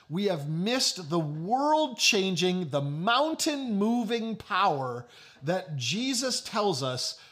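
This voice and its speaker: A male pastor preaching a sermon, emphatic, repeating key phrases and slowing down to stress them. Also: high voice, fairly bright tone.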